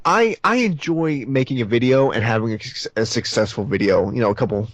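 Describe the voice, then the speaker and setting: A man talking as a guest in a casual interview, chatty and relaxed, telling stories with frequent restarts. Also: medium pitch, a little fast, no echo. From Nashville, Tennessee.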